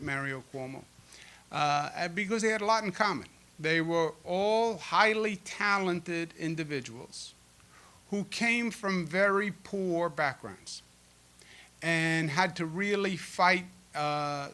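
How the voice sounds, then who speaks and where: A man with a Queens New York accent speaks at a podium, his voice bright and a touch high. He gives a public speech in a folksy, conversational way, with easy jokes for the crowd in front of him. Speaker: governor giving a speech. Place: school event before an audience.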